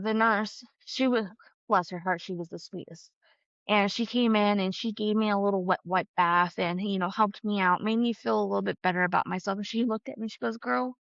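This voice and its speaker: A woman's voice: medium pitch, normal speed, a bit bright, no room sound, dull audio. A woman talking candidly and emotionally as a podcast guest, with fillers and the odd laugh. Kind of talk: casual conversation.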